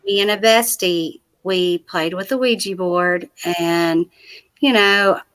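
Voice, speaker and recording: A woman's voice: on the low side, slow, a bit bright. A woman with a Southern accent, chatting casually as a call-in guest and using lots of fillers. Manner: chatty, self-deprecating, many fillers. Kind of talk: casual chat.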